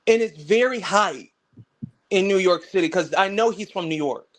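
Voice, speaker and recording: A man with a somewhat higher voice than most men, hosting a casual online talk. He rambles, circles back to the same points and swears now and then. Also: normal speed, fairly bright tone. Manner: rambling, repeats himself, swears. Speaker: panel host. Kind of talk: casual panel discussion. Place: online video call.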